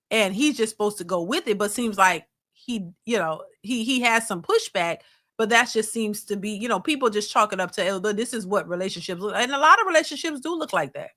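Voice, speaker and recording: A middle-aged woman talks in a loose, rambling way, full of fillers and restarts. Her voice sits a little high and sounds bright. She hosts a reaction channel and chats casually as she reads out comments from her viewers. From New Orleans, USA. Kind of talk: casual commentary reading live chat.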